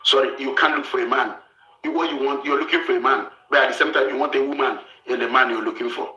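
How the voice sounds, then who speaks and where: A man's voice: mid-range voice, fairly even intonation, quick pace, echoey room, lo-fi sound. A man from Africa hosting a show, giving blunt, lecturing relationship advice and repeating his points. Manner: forceful, lecturing, repeats himself.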